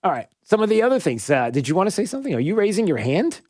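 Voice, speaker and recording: A male talk radio host, a little higher-pitched than most men, delivers opinionated commentary straight into a studio microphone. He is animated and sarcastic, and often chuckles at his own remarks. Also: rapid-fire, no room sound.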